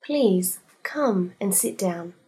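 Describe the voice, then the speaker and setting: A polite, brisk woman detective in her thirties from an audio storybook, read by a woman. Her voice is husky and breathy, close to the reader's own. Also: mid-range voice, animated, mellow, full character voice. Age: 30s.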